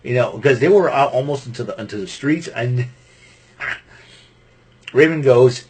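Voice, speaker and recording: A man's voice: mid-range voice, measured pace, pauses often, husky. A man from Massachusetts hosting a show and recapping a wrestling event in a casual, rambling way, often laughing. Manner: animated, laughing, rambling with restarts. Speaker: podcast host.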